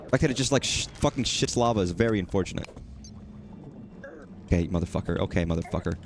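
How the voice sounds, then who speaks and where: A man's voice: deep voice, lively intonation, fast, slight background noise. A man chatting casually while streaming a game, rambling and swearing at enemies. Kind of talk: casual gaming commentary.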